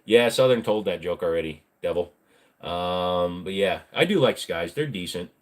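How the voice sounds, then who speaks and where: A man's voice: sits low, expressive, moderate pace. Blunt, rambling man hosting a Q&A. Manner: rambling, blunt, with frequent fillers. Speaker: channel host answering viewer questions. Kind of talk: casual livestream Q&A.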